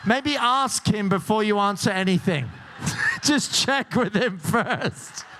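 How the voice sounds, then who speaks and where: A man's voice: high voice, lively intonation, slow, sharp tone. A man hosting a game show, joking and teasing the contestants and laughing often. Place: cruise ship show lounge.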